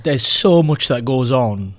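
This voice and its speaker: A man's voice: mid-range voice, lively intonation, a little slow. A man co-hosting a club podcast in casual chat, rambling with lots of fillers and restarts. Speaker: podcast co-host. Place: club podcast recording with mates.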